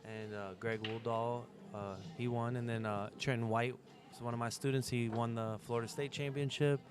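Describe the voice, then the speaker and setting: A man's voice: mid-range voice, flat delivery, normal speed. Earnest male pool coach commentating. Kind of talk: live sports commentary.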